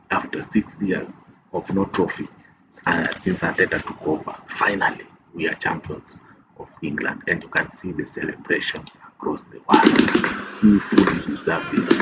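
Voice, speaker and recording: A man's voice: sits low, gravelly, very noisy. A man hosting a fan reaction channel, euphoric and repeating his phrases like chants. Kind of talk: excited fan reaction vlog. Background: music playing under the voice.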